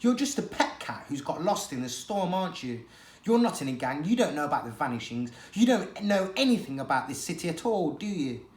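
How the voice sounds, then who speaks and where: A reader voicing a tough, suspicious female street cat in a storybook, with a gravelly, gruff, challenging delivery. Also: medium pitch, big pitch swings, brisk, close to an everyday voice. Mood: softening. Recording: echoey room.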